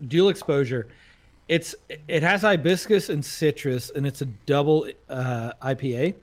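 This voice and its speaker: A man with a slightly raised voice co-hosts a casual podcast. He talks loosely over beers, swearing freely and breaking into quick laughs. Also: on the high side. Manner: profane, joking, quick laughs. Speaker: podcast co-host.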